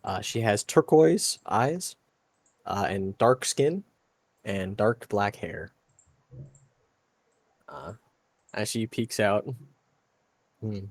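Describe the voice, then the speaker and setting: A man narrating a tabletop game as game master, describing scenes in unhurried detail. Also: lowish voice, expressive, no echo. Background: faint background music.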